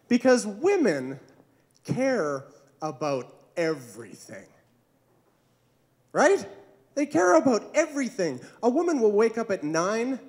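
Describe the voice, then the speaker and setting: A man doing a stand-up comedy set on a club stage, with awkward, self-deprecating jokes that he chuckles at himself. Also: high-pitched.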